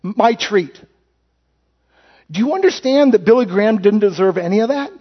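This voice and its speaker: A man with a high-pitched voice delivers a sermon, telling folksy stories and acting out quotes as he goes. He catches and corrects his own slips as he talks. The recording sounds dull and lo-fi. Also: lively intonation, normal speed, slightly rough. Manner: storytelling with acted-out quotes; folksy, with self-correcting restarts. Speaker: pastor.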